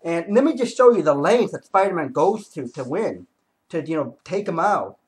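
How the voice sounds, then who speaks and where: Excitable high-voiced man reviewing comics. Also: poor audio. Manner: excitable, retells scenes with quick asides and restarts. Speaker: comic book video host. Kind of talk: casual comic book review.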